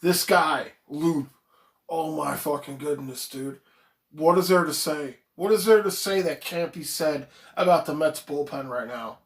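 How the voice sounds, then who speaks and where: A man rants on a live stream as a fan reacting to a game, swearing freely, getting worked up, and reading viewer chat aloud. His voice is a little high and a little slow, and the room is echoey.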